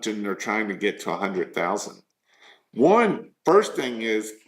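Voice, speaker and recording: A man coaching small business owners in a live stream, earnest and repetitive, firing off rhetorical questions. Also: lowish voice.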